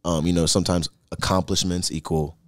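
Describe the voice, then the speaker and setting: A man's voice: deep voice, flat delivery, a little fast, dry recording, clean studio sound. A man who is a guest on a podcast, chatting casually and swearing freely as he rambles.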